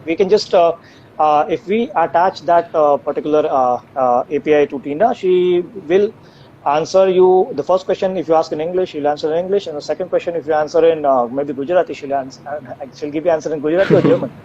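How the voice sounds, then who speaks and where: A man's voice: fairly high pitch, quick pace, dark tone. A man answering audience questions as a tech company's co-founder, talking with many fillers and restarts. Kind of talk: live Q&A interview answers. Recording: dull lo-fi live stream audio with faint noise.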